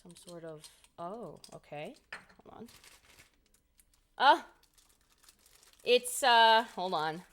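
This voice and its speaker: Bright, animated woman streamer venting. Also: mid-range voice, very slow, pauses often, a little hiss or hum. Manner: profane, rambling, exasperated venting. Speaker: game streamer. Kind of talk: casual live-stream chat.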